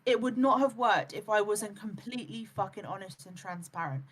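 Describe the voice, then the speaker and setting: A woman's voice: mid-range voice, normal speed, husky. A woman streaming live, lecturing bluntly and swearing freely, and mimicking other people's words as she goes. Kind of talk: heated live-stream chat.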